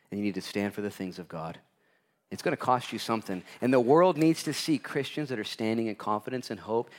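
A male pastor preaching a sermon, swinging from loud, high exclamations to quiet, near-whispered lines and acting out quoted dialogue with God.

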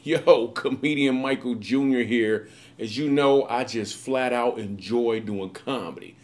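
A man's voice: mid-range voice, measured pace, a little mellow. A man in a recorded video monologue, telling a personal story in a casual, upbeat way with slangy asides.

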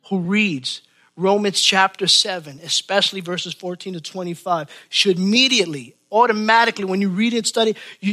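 A male preacher with a high, bright voice delivers a sermon. He preaches with passion, repeating phrases and moving between raised cries and soft, low passages. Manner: impassioned, repeats phrases, swings between loud and hushed.

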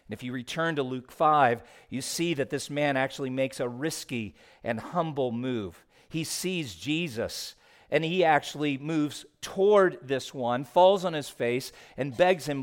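A male pastor delivers a sermon in a somewhat high voice. He shifts between quiet, low passages and raised, emphatic ones. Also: a little slow. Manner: expressive preaching, swinging from hushed to raised.

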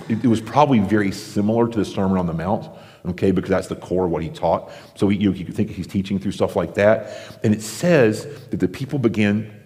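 A pastor delivering a sermon in a conversational way, acting out the crowd's reactions, from the United States. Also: male voice, low voice, darkish tone. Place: large theater-style church auditorium. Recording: long hall reverb.

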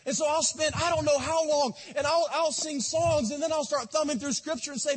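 A man preaching a sermon in a church, impassioned, swinging from loud to soft. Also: very high voice, steady tone, normal speed, few pauses. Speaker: pastor. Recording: long reverb of a church hall.

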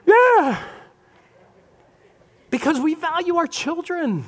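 High-voiced animated preaching man. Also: moderate pace. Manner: animated, acts out congregation voices. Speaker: pastor. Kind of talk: sermon. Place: church sanctuary.

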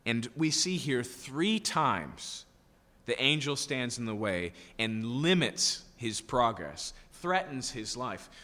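A man's voice: mid-range voice, bright, forceful tone. A man preaching an expository sermon, emphatic and full of rhetorical questions and checking "okay?" tags. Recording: long hall reverb.

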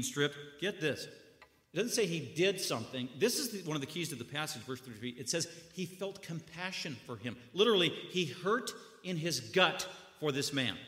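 A man preaching a sermon, telling the story dramatically with sudden loud bursts and hushed drops. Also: a little high, echoey room, long reverb tail.

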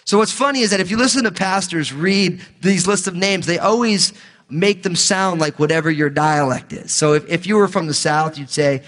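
A male pastor teaching the Bible in a relaxed, conversational way, with jokey asides between scripture readings. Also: high voice, normal speed, in a large hall.

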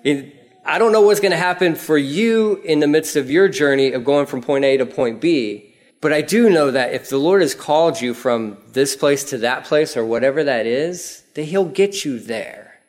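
Animated man preaching a casual sermon. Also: normal speed. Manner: animated storytelling, acts out prayers in a raised pitch. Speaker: pastor.

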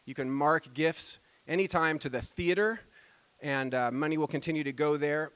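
A man's voice: fairly high pitch, moderate pace, fairly bright tone, clean tone. Enthusiastic man giving church announcements. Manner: enthusiastic, upbeat. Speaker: pastor. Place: church sanctuary.

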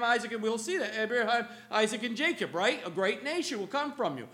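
A male pastor preaching a sermon, asking the congregation questions and swinging between loud, emphatic lines and hushed, slow ones. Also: very high voice, lively intonation.

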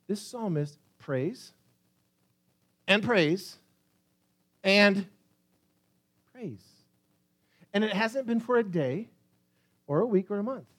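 A man preaches with a high-pitched voice, pleading loudly one moment and falling to a hushed near-whisper the next. He reads scripture aloud with long dramatic pauses, the sermon's delivery urgent and heartfelt. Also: lively intonation, husky. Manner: impassioned, swings from loud pleas to hushed near-whispers. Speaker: pastor.

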